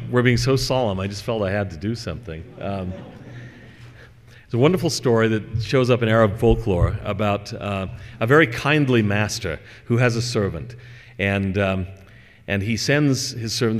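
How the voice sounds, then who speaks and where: A man giving a religious lecture and reading scripture, measured and conversational, with fillers and asides. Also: on the low side, long reverb tail.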